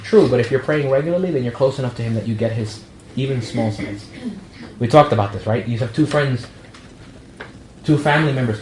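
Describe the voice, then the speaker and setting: A male priest with a medium-pitched voice leads a young adult ministry meeting in a relaxed, chatty way, cracking jokes and acting out quoted back-and-forth dialogue. The room is echoey, with a faint hiss in the background.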